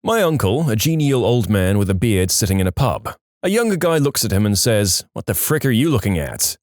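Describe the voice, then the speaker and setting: A man narrating reddit stories aloud in a lively, varied storytelling delivery. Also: lowish voice, fairly quick, no room sound, studio quality.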